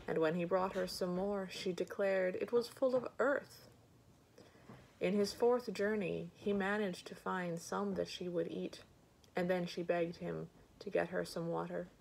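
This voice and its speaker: A woman reading a bedtime story aloud slowly and gently, giving the characters light voices. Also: lowish voice, creaky, a little hiss or hum, poor audio.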